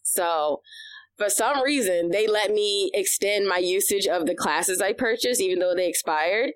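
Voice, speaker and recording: A woman telling a story in casual podcast chat, animated and profane, laughing often and acting out what people said. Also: medium pitch, measured pace.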